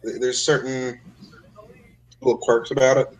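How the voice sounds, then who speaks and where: Man, tabletop player, casual, tentative, mid pitch. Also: flat delivery, measured pace, darkish tone, low-quality recording. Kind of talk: tabletop game chat.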